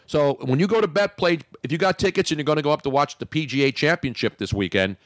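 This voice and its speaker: A man's voice: on the high side, fast, no echo, clean studio sound. A man hosting a radio talk show, bantering and joking in casual chat.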